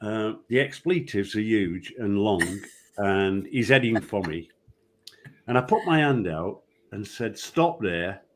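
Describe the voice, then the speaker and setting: A man's voice: lowish voice, measured pace, noisy background. An older man, a former referee, telling anecdotes and acting out the people in them. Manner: lively storyteller, acts out quotes. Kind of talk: anecdotal storytelling.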